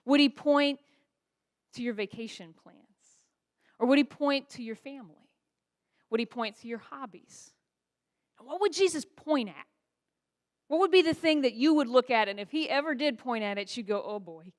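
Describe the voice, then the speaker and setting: A woman's voice: sits high, normal speed, pauses often. A woman pastor preaching a sermon in a church, asking the congregation rhetorical questions. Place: church sanctuary.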